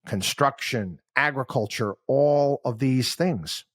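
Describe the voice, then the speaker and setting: A man's voice: medium pitch, takes it slowly. A man hosting a podcast, talking through his thoughts in a rambling, conversational monologue. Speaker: podcast host. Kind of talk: casual commentary monologue.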